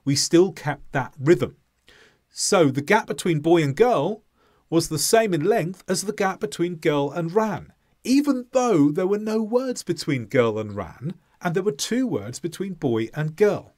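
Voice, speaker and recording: Male English teacher, scripted lesson read slowly and carefully, a lively rising and falling voice. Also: a little high. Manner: slow, deliberate, clearly stressed delivery with modelled example sentences.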